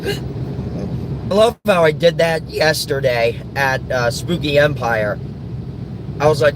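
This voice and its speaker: A man's voice: fairly high pitch, animated, slow, pauses often, background noise. A man vlogging from his car in a casual, rambling monologue, often chuckling.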